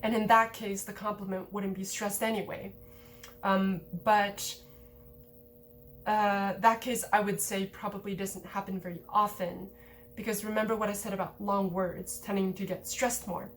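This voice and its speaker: A woman giving a relaxed, conversational language lesson, explaining grammar points with lots of casual filler words. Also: mid-range voice, normal speed, a little hiss or hum. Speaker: language teacher.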